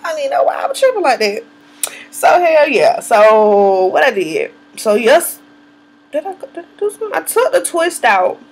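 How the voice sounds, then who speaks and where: A woman's voice: sits high, sing-song, normal speed. A young woman chatting casually to camera in a vlog, swearing freely and laughing often. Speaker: hair vlogger.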